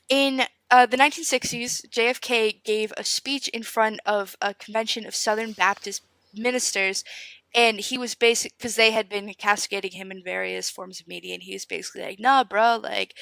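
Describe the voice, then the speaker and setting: A woman co-hosts a podcast in casual chat, animated and jokey as she tells a story. Her voice is bright with a gravelly fry. The sound is dry and close. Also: medium pitch, no room sound, poor audio. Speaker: podcast co-host.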